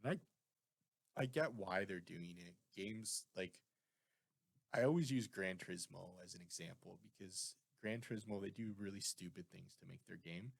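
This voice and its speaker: A Canadian man with a lowish voice rambles through a casual podcast chat, animated and prone to tangents. His voice sounds dry and close to the mic. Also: normal speed, creaky, slightly rough, no echo. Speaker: podcast co-host.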